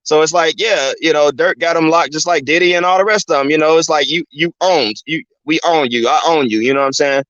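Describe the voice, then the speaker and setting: A man's voice: on the high side, fairly quick, hardly any pauses, a bit bright, no room sound. A man hosting his show and talking loosely and casually, often asking "you know what I'm saying?". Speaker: host. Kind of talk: casual commentary monologue. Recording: dry, dull lo-fi sound.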